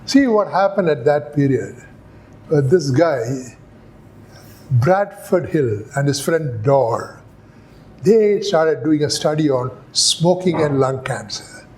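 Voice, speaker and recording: An older man from India lectures on epidemiology. He talks slowly, in a slightly raised voice, turning the lesson into stories full of rhetorical questions. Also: fairly high pitch, expressive, a little mellow, slight background noise. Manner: slow, storytelling, acts out dialogue with rhetorical questions. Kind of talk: classroom lecture.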